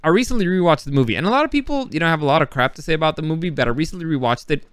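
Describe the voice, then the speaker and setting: A man's voice: fairly high pitch, expressive, racing, clean tone, no echo, studio quality. Chatty man rambling over travel footage. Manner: rambling, chatty, many fillers and restarts. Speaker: vlogger.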